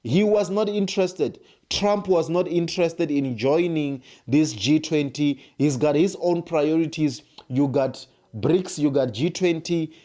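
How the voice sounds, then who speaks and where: A man's voice: a little high, measured pace, few pauses, mellow. A man giving an emphatic political commentary monologue, piling up rhetorical questions and repeated phrases. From South Africa. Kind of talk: opinion monologue to camera.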